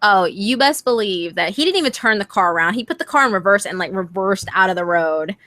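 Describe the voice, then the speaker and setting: A young woman telling a scary story to her stream in a casual, animated way, swearing freely. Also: mid-range voice, a little fast, no echo. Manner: animated, swearing, quotes friends in voices.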